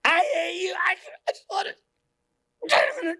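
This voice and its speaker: A man's voice: extremely high pitch, normal speed, bright, forceful tone, voice pushed up, heavily acted. A man acting out a brainwashed person who shrieks and sobs with murderous hatred. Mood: shrieking rage. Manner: screaming, crying.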